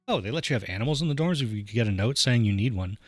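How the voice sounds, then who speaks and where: A man voicing an excitable teenage girl who chatters eagerly to her father. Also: medium pitch, dry recording, close to an everyday voice. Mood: excited. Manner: gushing, rapid-fire chatter.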